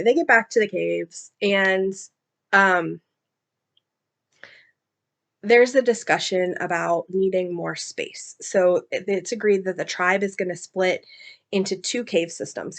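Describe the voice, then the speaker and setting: A woman talks casually about books she has read, retelling the plot in a loose, rambling way. She uses plenty of fillers and asides and stays at a middle pitch. Her delivery is personal and conversational. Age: adult, mother. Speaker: book reviewer. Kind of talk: casual book discussion.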